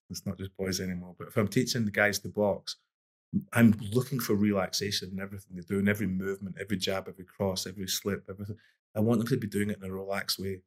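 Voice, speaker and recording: A man's voice: deep voice, slightly rough. A middle-aged man, a boxing coach and podcast guest, telling stories in an easygoing, rambling way with many restarts. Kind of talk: relaxed conversational storytelling.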